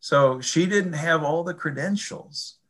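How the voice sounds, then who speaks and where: An older man from the Chicago area, talking about faith in a reflective, halting way and often repeating his words. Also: on the high side, a bit bright. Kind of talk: casual faith conversation.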